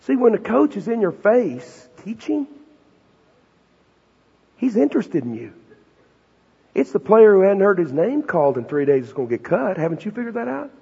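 A middle-aged man preaching a sermon, a folksy, emphatic storyteller who builds to loud punchlines. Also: sits high, very animated, normal speed, vocal fry, long pauses, slightly rough. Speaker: preacher and Bible professor. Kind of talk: sermon with personal stories. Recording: dull recording with long hall reverb.

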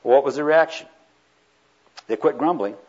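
Guy preaching a sermon, husky voice, pitch jumps all over, kinda dull lo-fi tape sound. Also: moderate pace. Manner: animated, acts out quoted speakers. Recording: dull lo-fi recording.

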